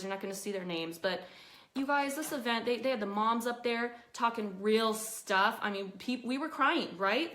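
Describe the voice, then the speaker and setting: A woman talking live to her network marketing team, chatty and earnest, giving motivational highlights. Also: fairly bright tone, reverberant. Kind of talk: casual Facebook Live talk.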